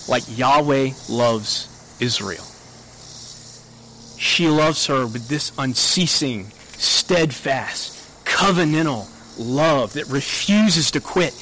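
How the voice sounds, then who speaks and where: A man preaching a sermon in an earnest way, his pitch rising when he quotes scripture. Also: fairly bright tone, low-quality recording.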